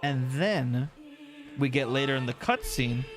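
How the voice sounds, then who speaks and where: Animated young male game streamer. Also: mid-range voice, measured pace, over music. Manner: animated, joking, recapping story beats. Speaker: livestreamer. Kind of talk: casual game stream commentary.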